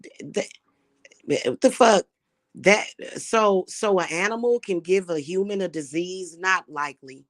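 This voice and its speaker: A woman's voice: lowish voice, unhurried, no echo. Woman, casual profane rant to camera, dry close recording. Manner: brash, profane, animated. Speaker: spiritual reader and vlogger.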